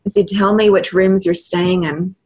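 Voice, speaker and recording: A woman guest on a video-call interview, telling a personal story in a lively way and laughing often. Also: mid-range voice, moderate pace, slightly rough. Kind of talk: casual storytelling.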